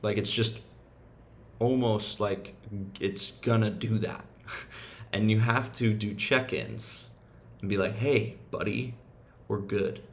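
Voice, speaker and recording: Man, fry in the voice, faint background hiss, slangy, swearing, casual motivational talk. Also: on the low side, steady tone, takes it slowly, pauses often. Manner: loose, emphatic, swears freely, slangy. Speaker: meditation and self-help host.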